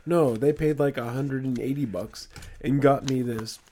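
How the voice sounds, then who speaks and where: A man's voice: mid-range voice, fairly even intonation, moderate pace, dark tone. Male co-host, dry storyteller, mid-range voice, faint hiss behind him. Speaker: podcast co-host. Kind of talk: casual banter with friends.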